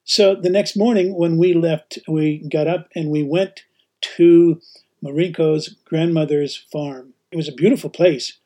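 Husky man telling lively stories. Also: fairly high pitch. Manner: animated, laughs often while telling stories. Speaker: podcast host and teacher. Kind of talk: casual storytelling.

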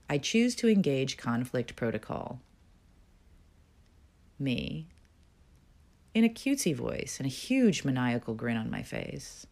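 A woman reading aloud a piece she wrote, in a frank, wry and expressive way. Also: deep voice. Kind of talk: reading her own written piece aloud.

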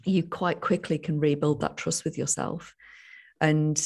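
A woman hosts a podcast interview and talks reflectively, warmly affirming her guest. Her voice is very low, with a husky, gravelly edge. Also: flat delivery, measured pace. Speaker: podcast host. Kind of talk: casual interview talk.

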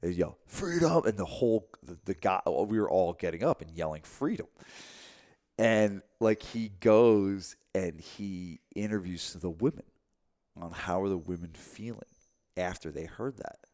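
A man in his thirties in casual chat, telling a story with many halting restarts. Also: low voice, darkish tone.

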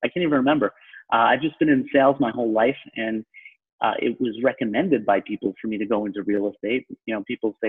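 A man's voice: mid-range voice, fairly even intonation, quick pace, breathy edge. A man with a New York accent, from Long Island, talking casually as a podcast guest with many loose restarts. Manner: talks in loose restarts, self-described sarcastic. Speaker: guest, real estate broker. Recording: tinny phone-like line.

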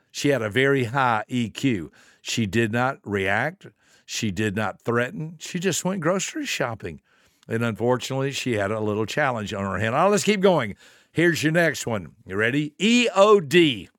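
Lively, good-humored older man telling stories. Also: medium pitch, no echo, studio quality. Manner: animated storyteller who laughs at his own stories and spells out acronyms slowly. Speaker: podcast host and speaker. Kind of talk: motivational talk with storytelling.

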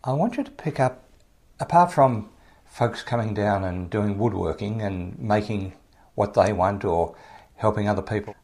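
A man with an Australian accent hosting a show, chatting to listeners and interviewing a guest. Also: medium pitch. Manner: chatty, relaxed, talks straight to listeners. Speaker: podcast host and interviewer. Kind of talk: casual introduction and interview.

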